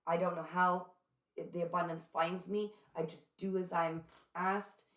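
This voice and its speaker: A woman giving a spiritual reader's pep talk straight to her viewers, excited and encouraging, often checking in with "okay?". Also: fairly low pitch, unhurried. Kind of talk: direct-to-camera pep talk. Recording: roomy echo.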